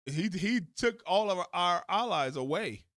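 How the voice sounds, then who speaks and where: A high-pitched man rants through his political commentary on a livestream, flipping into mocking voices for the politicians he imitates. The sound is dry and close to the mic. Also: expressive, moderate pace, fairly bright tone, dry recording.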